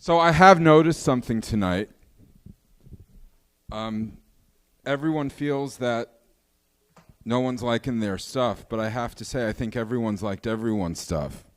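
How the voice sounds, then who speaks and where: A man's voice: mid-range voice, unhurried, pauses often. A man starting a stand-up set, wry and self-aware. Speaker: comedian.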